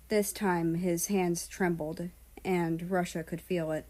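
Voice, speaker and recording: A woman narrates a story aloud in a calm, measured way. Her voice is low, dark and mellow, and she takes her time over every line. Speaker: fan fiction reader. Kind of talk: audiobook narration.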